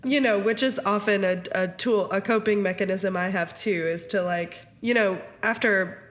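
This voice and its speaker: A woman's voice: mid-range voice, normal speed. A woman in her thirties co-hosting a podcast, chatting casually and telling stories with lots of laughter. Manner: giggly, animated storytelling with frequent laughter. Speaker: podcast co-host.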